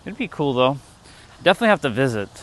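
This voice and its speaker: This walking livestream features a man with a Canadian accent chatting on his phone outdoors as he heads down a city street. He speaks in a sing-song, mid-range voice at a quick pace, rambling and musing aloud.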